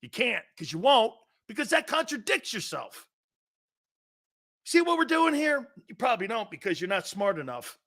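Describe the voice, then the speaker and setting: A man with an East Coast American accent hosting a sports talk show, ranting loudly with profanity and frequent shouting. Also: sits high, big pitch swings, moderate pace. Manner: loud, profane, often shouting.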